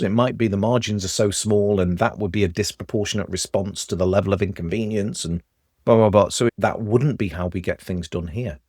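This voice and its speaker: Low-voiced man with a Stoke accent. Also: darkish tone, no room sound, clean studio sound. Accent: Stoke, English Midlands. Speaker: podcast guest. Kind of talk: casual podcast conversation.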